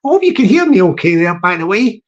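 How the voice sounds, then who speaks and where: A man's voice: sits high, very animated, quick pace, lo-fi sound. A Scottish man live-streaming from his phone, chatting jokily in a put-on American accent and repeating his phrases. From Scotland. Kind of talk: casual live-stream chat.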